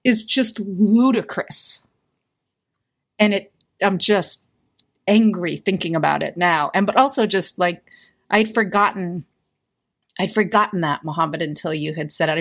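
A woman in a reflective group conversation, telling a personal story with candid, animated quoted speech. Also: mid-range voice. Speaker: discussion participant.

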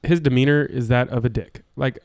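A man in casual podcast conversation, with a smooth, clean voice. He makes his points emphatically and keeps checking in with the listener. The sound is dry and close. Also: medium pitch, steady tone, a little fast, a little mellow, no echo. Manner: emphatic, repeats "right?" to check in. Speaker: podcast co-host. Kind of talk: casual chat.

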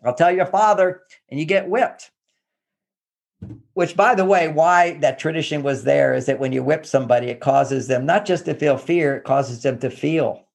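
Speaking at a moderate pace in a gravelly, mid-range voice, a therapist and relationship author from Texas offers laid-back advice. He's lively about it and frequently performs the lines he quotes.

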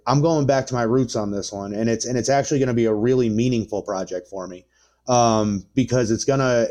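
Man, 30s, dark mellow voice, casual profane storytelling, rambling fillers. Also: mid-range voice. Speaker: podcast guest.

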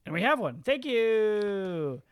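A woman's voice: medium pitch, sing-song, slow pace, smooth, no room sound. A woman co-hosting a podcast, guiding the chat in a dry, teasing way. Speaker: podcast co-host. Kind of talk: casual chat.

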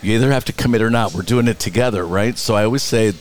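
A man with a low, grounded voice, chatting as an interview guest. He spins backstage stories with punchy, profane bluntness and slips into quick impressions of the people he quotes. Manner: animated anecdotes, blunt and profane; acts out other people's lines in quotes. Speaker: Broadway producer and director, guest. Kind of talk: casual interview storytelling.

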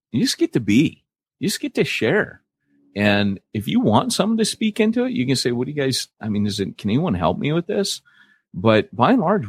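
Podcast host, man with a low husky voice, frank storyteller, dry close sound. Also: no room sound. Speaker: church planting podcast host. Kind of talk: candid podcast conversation.

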